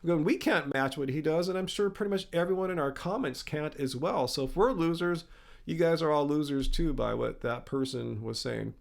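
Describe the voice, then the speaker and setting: Chill guy hosting a live q&a, reads comments out, gravelly voice on the high side, keeps sneezing. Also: fairly quick. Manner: relaxed, reads viewer comments aloud. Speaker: live stream host. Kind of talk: casual live Q&A chat.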